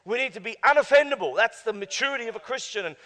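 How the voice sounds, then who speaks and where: A male pastor preaching emphatically, swinging between hushed asides and loud exclamations. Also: extremely high pitch, expressive, rapid-fire. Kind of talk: sermon. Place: church. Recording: long church hall reverb.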